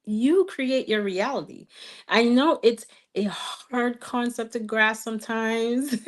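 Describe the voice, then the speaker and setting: A woman's voice: fairly high pitch, slow. Earnest woman coaching with a slight accent. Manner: earnest, coaching, checks in with frequent "okay?"; repeats key phrases for emphasis. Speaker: twin flame coach. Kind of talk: live stream Q&A, answering viewer comments.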